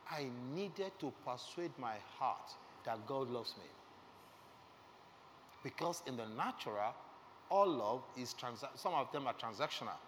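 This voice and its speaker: Earnest preacher with lively swings. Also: male voice, mid-range voice, a little slow. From Nigeria. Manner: earnest, emotional storytelling, asks the audience questions. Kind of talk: sermon testimony. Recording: reverberant hall with faint background noise.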